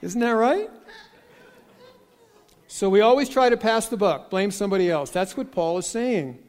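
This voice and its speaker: A man's high, animated, slightly mellow voice fills a large hall at a moderate pace as he delivers a sermon. Folksy and joking, he tells stories and performs the characters' lines with animation.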